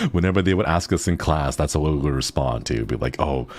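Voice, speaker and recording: A man's voice: very deep voice, expressive, normal speed, soft background music. A man streaming casual chat with viewers, playful and rambling, often laughing.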